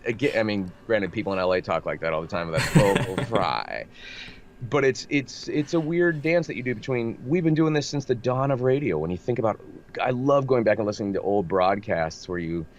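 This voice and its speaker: Lively man with a low voice, lo-fi. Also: a little fast. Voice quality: nasal. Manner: animated, self-deprecating, lots of restarts. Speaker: voice actor guest. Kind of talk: casual interview chat. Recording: dull lo-fi remote audio with faint noise.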